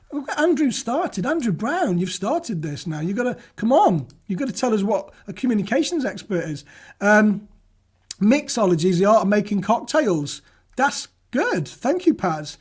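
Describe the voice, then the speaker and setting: A man's voice: high-pitched, very animated, normal speed, breathy edge. A man hosting a casual live-stream property news show, reading out viewer comments, joking and laughing at his own stumbles. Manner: jokey, chatty, reads viewer comments aloud and laughs at himself.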